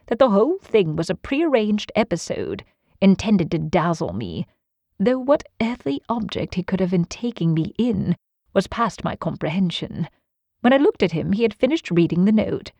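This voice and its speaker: A woman with a lowish voice narrates a classic novel for an audiobook in a scripted, measured and even storytelling style. The recording is studio quality with no room sound.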